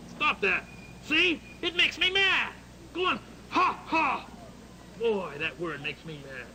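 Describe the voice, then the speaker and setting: A man's voice: high voice, bright, forceful tone, slight background noise, heavily acted, low-quality recording. A man voicing a grumpy male grouch puppet who grumbles that he hates happy things. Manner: gruff, grumbling, sour. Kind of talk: puppet show monologue.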